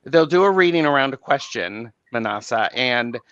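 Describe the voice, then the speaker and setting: A man's voice, bright and forceful, joins a casual chat as a guest. He speaks in a measured, friendly way with plenty of ums, and the sound is close and dry. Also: mid-range voice, lively intonation, no room sound, lo-fi sound. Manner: measured, friendly, praising others with many fillers.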